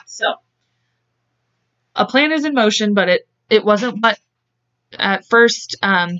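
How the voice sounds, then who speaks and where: A woman's voice: mid-range voice, animated, fairly bright tone, dull audio. Chatty woman retelling a true-crime case. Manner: acts out quotes in quick voices, chatty and blunt. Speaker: podcast host. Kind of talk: casual true-crime storytelling.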